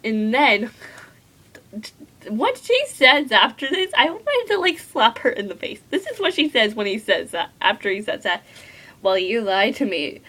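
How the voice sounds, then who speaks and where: A woman's voice: on the high side, big pitch swings, normal speed, sharp tone, rough recording. A teenage girl reviewing a book at home in a rambling, gushing way, full of filler words. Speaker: book vlogger.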